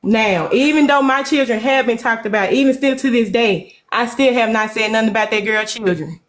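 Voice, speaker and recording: A woman's voice: on the high side, a little fast, a little hiss or hum. A woman in a heated live-stream chat, talking bluntly and confrontationally in casual slang, into a phone. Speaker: livestream guest.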